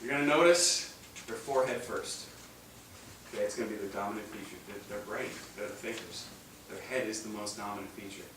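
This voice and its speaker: Male seminar speaker, animated and joking, far from the mic in a very echoey room with noise. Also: lowish voice, a little fast. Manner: animated, joking, acts out voices with laughs. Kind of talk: live seminar talk. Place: large room with live audience.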